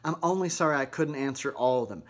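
A man's voice: medium pitch, quick pace, natural voice. A man playing a sugary mom vlogger. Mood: chirpy. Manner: chirpy, sweet, folksy, with casual deadpan dark asides. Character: sugary Southern mom vlogger woman, middle-aged, eerie. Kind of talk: comedic vlog monologue to camera.

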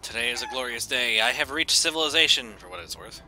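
A goofy gaming commentator, a man whose voice bounces all over and drawls at an unhurried pace. He jokes his way through the playthrough and breaks into shouted bits, with game music playing behind him. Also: mid-range voice, expressive. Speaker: gaming YouTuber. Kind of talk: casual gameplay commentary.

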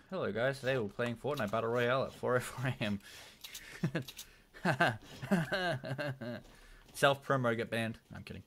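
A young man commentating his own live gameplay, jumping between loud yelps and low muttering. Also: unhurried, pauses often. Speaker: livestreamer. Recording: noisy home stream mic with key clicks.

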